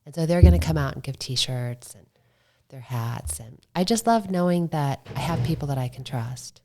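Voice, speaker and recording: A middle-aged woman with a notably low voice, chatting on a podcast. She tells her stories in a relaxed, talkative way and acts out what other people said, sometimes sinking to a soft whisper. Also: normal speed, a little hiss or hum. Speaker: podcast guest, motorcycle club founder. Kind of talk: casual podcast conversation.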